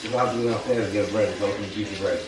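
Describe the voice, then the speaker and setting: A man chatting casually at home in an easygoing way, answering quickly. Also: on the low side, fairly even intonation, very noisy. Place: home kitchen. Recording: distant echoey kitchen, TV chatter behind.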